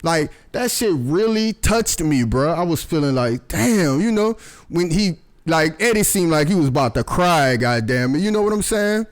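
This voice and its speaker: A man reviewing a show in casual, animated commentary, swearing constantly. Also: a little high, moderate pace.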